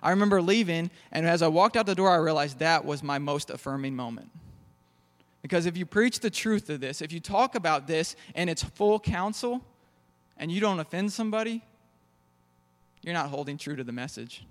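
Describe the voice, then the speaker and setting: A man's voice: fairly high pitch, expressive, normal speed. A young man preaching a sermon in a church hall, telling jokey stories. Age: young adult. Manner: storytelling, jokey.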